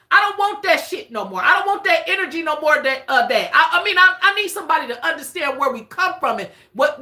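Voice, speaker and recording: On a live stream, a high-pitched woman gives a casual spiritual reading, excitable and repetitive, and she swears freely.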